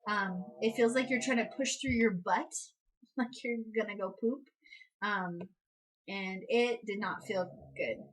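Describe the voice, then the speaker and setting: A rough recording captures a young woman vlogger, a new mom, speaking a little slowly as she recounts something personal. She keeps it chatty with plenty of "like" and "um," and jumps into high-pitched outbursts when quoting others.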